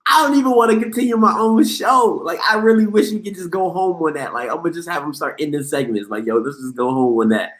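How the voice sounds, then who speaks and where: A man's voice: a little high, fast talker, few pauses, a bit bright, reverberant. A man hosting a live sports talk show, talking in an emphatic, slangy way and repeating himself for effect. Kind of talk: casual sports commentary.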